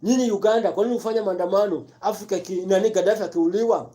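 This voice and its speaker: Fired-up commentator, mellow voice. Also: medium pitch, very fast. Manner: repetitive, emphatic, rhetorical questions. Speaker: live-stream commentator. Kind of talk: impassioned political rant mixing Swahili and English.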